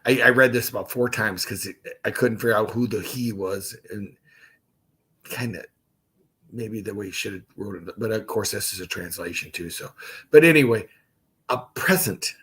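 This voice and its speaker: A man's voice: lowish voice, normal speed, fairly bright tone, husky. A man hosting a casual livestream Bible study, reading scripture aloud and stopping for chatty asides.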